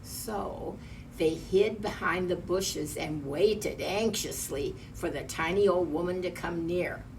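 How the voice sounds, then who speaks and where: A woman reading a picture book aloud, gently pointing out the pictures as she goes. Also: on the low side, slow, creaky. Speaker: storyteller. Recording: distant mic, faint room hum.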